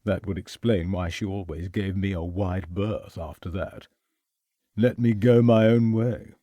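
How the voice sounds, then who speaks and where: A tipsy young toff slurs and rambles cheerfully in a lively, bouncing voice, as a male narrator puts him on. He talks a little higher and louder than the narrator's own voice, in a dry, close audiobook recording. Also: normal speed, no room sound, close to an everyday voice. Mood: confiding. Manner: slurring, chatty, self-pitying. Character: tipsy, rambling young upper-class man.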